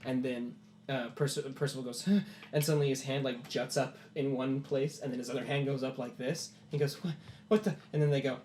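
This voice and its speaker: A man narrating a tabletop game as game master, in animated storytelling. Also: mid-range voice, fairly quick, roomy sound, a little hiss or hum. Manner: animated storytelling, many "like" fillers.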